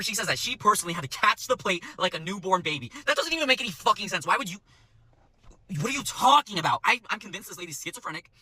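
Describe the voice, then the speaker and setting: A man's voice: high voice, bright, forceful tone, no room sound. A young man, a restaurant server, telling a work story in a profane, exasperated rant. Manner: profane, exasperated, fast ranting.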